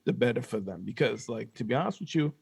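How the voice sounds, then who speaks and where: A man's voice: mid-range voice, lively intonation, gravelly, darkish tone, husky, no echo. A young man with a slight lisp, co-hosting a podcast in a loose, rambling chat full of fillers. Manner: laid-back, rambling, drawn-out fillers. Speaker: podcast co-host. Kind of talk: casual chat.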